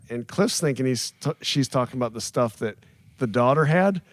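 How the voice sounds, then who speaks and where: Laughing, animated man telling stories. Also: medium pitch, moderate pace, dry recording. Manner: animated storyteller who laughs often and acts out quoted voices. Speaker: podcast co-host. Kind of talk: casual chat. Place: small recording studio. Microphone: studio microphone, close.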